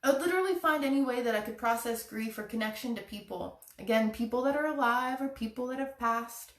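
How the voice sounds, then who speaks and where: The host of a live-streamed chakra challenge speaks briskly in a slightly high voice, sounding distant in an echoey room. Her motivational talk to viewers is earnest and encouraging.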